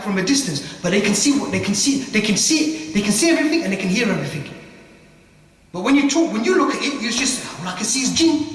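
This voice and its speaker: Animated man teaching, echoey hall. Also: high voice. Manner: animated, acts out dialogues, uses Arabic phrases. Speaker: ruqya teacher. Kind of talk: informal religious lecture. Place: mosque hall. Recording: echoey hall from far off, faint noise.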